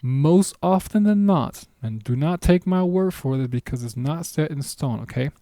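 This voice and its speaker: A man teaching a beginner language lesson at a whiteboard, explaining patiently step by step and slowing down for example words. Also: fairly high pitch, lively intonation, mellow, no room sound, studio quality.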